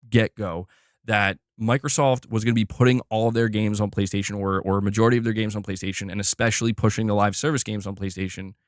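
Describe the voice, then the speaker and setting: A man's voice: on the low side, dry recording, studio quality. A man giving blunt, opinionated commentary on gaming news, emphatic and repeating himself as he pushes his point.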